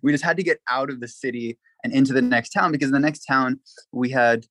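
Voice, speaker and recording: A man guesting on a podcast, telling a story in a lively, casual way, full of "like" and acted-out quotes. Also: mid-range voice, a little fast, dry recording, low-quality recording. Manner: animated, acts out quotes, frequent "like" fillers.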